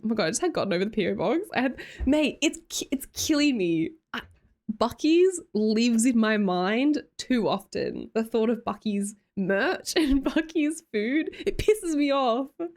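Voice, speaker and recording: A woman's voice: a little high, big pitch swings, measured pace, darkish tone. A young Australian woman chatting casually on a live stream, reading out chat, teasing viewers, laughing often and swearing casually. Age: young adult.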